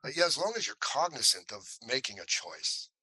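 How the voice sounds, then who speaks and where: A man's voice: mid-range voice, a little fast, slightly rough, no room sound, rough recording. An older male actor as interview guest, telling anecdotes casually and acting out the lines of people in them. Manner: animated anecdote teller, acts out quoted lines.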